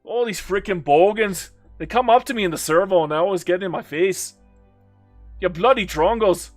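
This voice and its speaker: A man putting on a deliberately terrible Australian accent, playing a brash bloke complaining about bogans. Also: high voice, faint music behind, natural voice. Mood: mocking. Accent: mock Australian. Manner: exaggerated, loud, deliberately bad accent. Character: brash male Aussie bloke insulting bogans.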